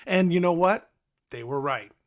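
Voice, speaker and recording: A man's voice: on the high side, animated, normal speed, dry recording, clean studio sound. A young man with a New York accent, hosting a blunt, mocking reality TV commentary. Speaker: host.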